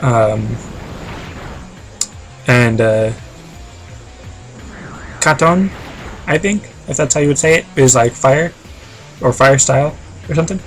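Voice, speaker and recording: A man's voice: mid-range voice, slow, long pauses, soft background music. A man chatting casually on a live game stream, reading chat aloud and rambling with lots of fillers.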